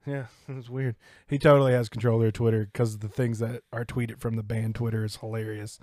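A man's voice: mid-range voice, little pitch movement, a little fast, darkish tone, no echo. Male podcast host, casual and rambling, curses freely, dry close mic. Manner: rambling storyteller, swears freely. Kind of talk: casual chat.

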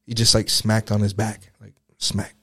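A man's voice: on the low side, completely flat delivery, normal speed, sharp tone, husky. A young man telling a personal story in a casual podcast chat, rambling and profane, full of filler words. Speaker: guest.

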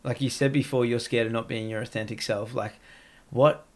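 A man's voice: medium pitch, fairly even intonation, brisk. A man in casual podcast chat, rambling and peppering his talk with "like". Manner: rambling, heavy use of "like".

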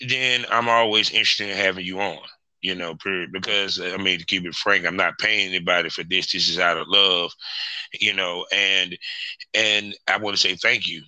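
A male podcast host with a lowish voice that still comes across very bright and forceful. He talks in a loose, chummy way, repeating his phrases as he chats and runs through sponsor reads. The sound is dry and close. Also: steady tone, moderate pace, dry recording, poor audio.

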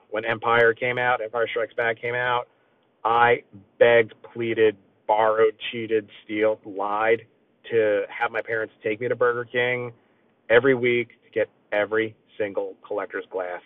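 A middle-aged man hosting a casual solo podcast, rambling excitedly with lots of fillers. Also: fairly low pitch, dry recording, far from the mic. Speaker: podcast host. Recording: tinny phone-like lo-fi sound.

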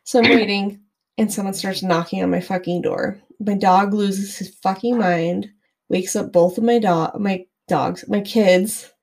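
Gravelly, casually swearing woman podcaster. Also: medium pitch, steady tone, unhurried, a little mellow. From Utah, US. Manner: swears freely, storytelling. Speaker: podcast co-host. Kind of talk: casual chat.

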